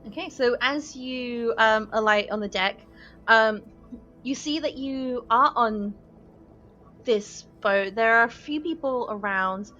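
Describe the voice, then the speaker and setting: A woman's voice: fairly high pitch, slow, bright, forceful tone, soft background music. Woman narrating a tabletop game. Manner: loose narration with fillers and laughs. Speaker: dungeon master. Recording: dull lo-fi podcast audio.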